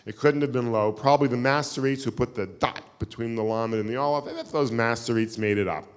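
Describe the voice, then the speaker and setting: A man's voice: medium pitch, a little fast, clean tone. Male lecturer, chatty self-deprecating storyteller, live in a reverberant hall. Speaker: keynote lecturer. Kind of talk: live lecture with audience questions. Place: synagogue hall.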